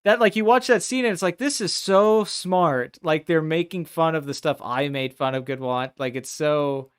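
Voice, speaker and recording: A man hosting a casual live stream chat, talking in animated, rambling bursts with restarts and plenty of swearing. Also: fairly high pitch, normal speed, clean tone. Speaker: podcast host.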